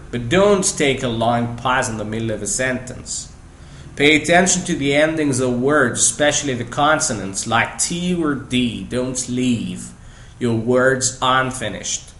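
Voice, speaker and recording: A man's voice: medium pitch, fairly bright tone, slight background noise. A man whose first language is Persian, giving a scripted podcast lesson on exam tips and speaking to the listener directly with questions. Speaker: English test-prep teacher. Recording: echoey room with faint ambience.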